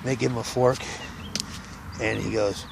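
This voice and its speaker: A man with a gravelly, rough-edged voice spins folksy jokes at an easy, meandering pace, dropping filler sounds as he goes. He is outside, a faint hum of open country behind him, picked up by a handheld camera mic. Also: on the low side, steady tone. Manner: rambling, unhurried, lots of "uh" fillers. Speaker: joke teller. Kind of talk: folksy casual joke-telling.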